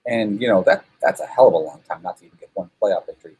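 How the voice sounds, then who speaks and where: A man guest telling sports stories in a casual, animated, self-deprecating way. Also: sits low, fast talker, slightly rough. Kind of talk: casual storytelling.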